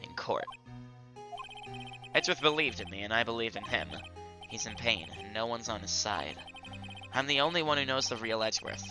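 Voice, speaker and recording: A man voicing an earnest young male defense attorney who tells his past in a soft, wistful way. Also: medium pitch, lively intonation, normal speed, pauses often, music in the background, lightly acted.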